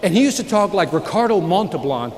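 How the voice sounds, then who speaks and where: A man's voice: sits high, brisk. A man giving a live motivational sales keynote, telling stories and working the crowd with call-and-response. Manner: animated storyteller, works the crowd with call-and-response. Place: large event hall with a live audience. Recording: reverberant hall, live audience, faint noise.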